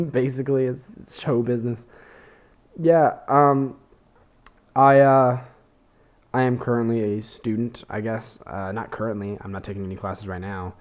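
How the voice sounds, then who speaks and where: A man's voice: mid-range voice, fairly even intonation, measured pace, long pauses, darkish tone. A young man hosting a podcast, talking in a rambling, profane, self-deprecating way with many fillers and restarts. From Texas. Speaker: podcast host. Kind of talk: casual monologue.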